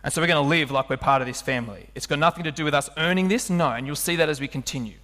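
A man's voice: a little high, rapid-fire. Male preacher in a reverberant hall. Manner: animated, asks the listeners rhetorical questions. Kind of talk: sermon.

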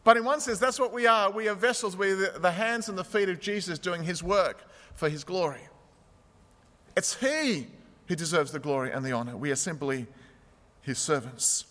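A man's voice: high-pitched, normal speed, fairly bright tone, big-room sound. A male pastor delivering an earnest, storytelling sermon to his congregation.

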